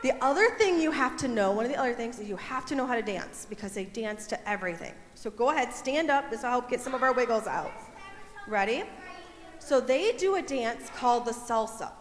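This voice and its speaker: A woman's voice: a little high, expressive, fairly quick, a little hiss or hum. A young woman leading a children's message in church, playful and coaxing the kids to join in. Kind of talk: children's sermon, teaching kids. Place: church sanctuary. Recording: echoey hall, faint room ambience.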